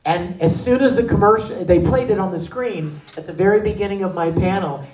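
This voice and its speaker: A man as a convention panel guest, telling stories in an animated way: he laughs often and acts out the other voices. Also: high voice, brisk. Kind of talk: animated storytelling. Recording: echoey room from far off.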